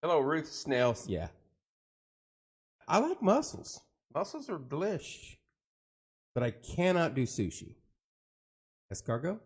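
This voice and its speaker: A man's voice: a little high, slow pace, long pauses, husky. A middle-aged man hosting a casual live chat, joking and rambling as he tells stories and greets viewers. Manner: joking, rambling, animated storytelling. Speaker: host of a live chat show.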